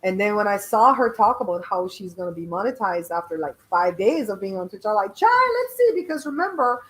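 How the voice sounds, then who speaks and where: A woman's voice: mid-range voice, fairly quick, a bit bright, low-quality recording. Belizean woman, middle-aged, blunt and chatty host reading out her live chat. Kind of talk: casual live-stream chat.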